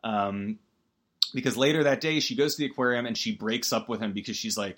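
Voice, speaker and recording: A man's voice: mid-range voice, a little fast, fairly bright tone. A man giving a casual, rambling movie recap as a podcast host, full of fillers and wry emotion.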